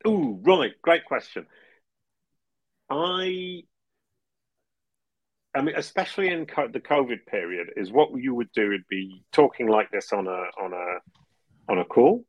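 A man's voice: medium pitch, lively intonation, a little slow, long pauses, no echo, highs cut off. A man as a podcast guest, chatting casually and explaining at length, laughing often and restarting phrases. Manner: explanatory, talks in long runs. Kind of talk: casual interview chat.

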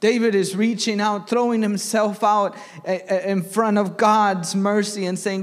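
A man's voice: sits high, little pitch movement, measured pace, hardly any pauses, big-room sound. A young man preaching a sermon in church, reading scripture aloud and asking the congregation questions. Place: church sanctuary.

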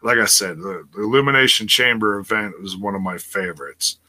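Bright-voiced man rambling on a live stream. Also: fairly low pitch, a little fast. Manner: rambling, repeats words, laughs easily. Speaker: wrestling podcast host reading chat. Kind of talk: casual live-stream chat.

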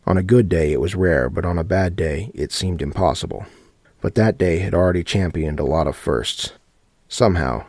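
A man narrating a horror story audiobook in a steady, matter-of-fact reading. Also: low-pitched, dry recording, studio quality.

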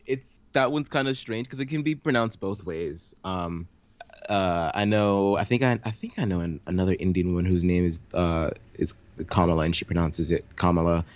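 A deep-voiced man co-hosts a podcast at normal speed, recapping a game show in relaxed, casual chat full of ums and repeated words. The sound is lo-fi with no echo.

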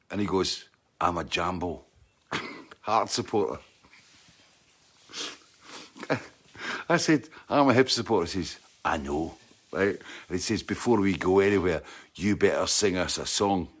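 A man with a lowish voice and a Scottish accent tells a rambling anecdote. He keeps checking in with "right?" and imitates sounds with his mouth.

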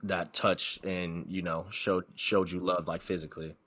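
Co-host, male, low bright voice, teasing, asks questions. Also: level tone, unhurried, dry recording. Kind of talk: casual chat.

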